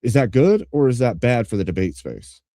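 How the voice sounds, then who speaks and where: Man, host, live-stream debate, pointed questions, mellow low voice, dry sound. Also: sing-song, fairly quick, no room sound.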